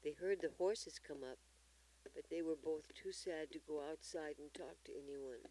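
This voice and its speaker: A storyteller reading a children's story aloud in an expressive manner. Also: medium pitch, normal speed, rough recording.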